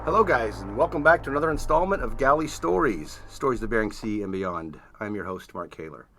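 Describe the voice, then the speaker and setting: A male podcast host with a rapid, animated delivery that swings up and down in pitch. His bright tone keeps the casual interview moving with eager questions. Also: slight background noise.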